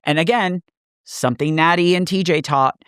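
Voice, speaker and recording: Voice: medium pitch, normal speed, a bit bright, clear, resonant tone, no room sound, studio quality. A podcast co-host and makeup artist speaking thoughtfully in casual chat.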